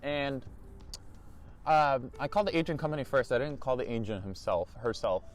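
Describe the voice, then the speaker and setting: A man's voice: medium pitch, moderate pace, a little hiss or hum. A teenage boy telling a story to his channel in a chatty, exasperated way. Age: teens. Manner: animated, chatty, exasperated asides. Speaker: youtuber. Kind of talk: casual storytime vlog.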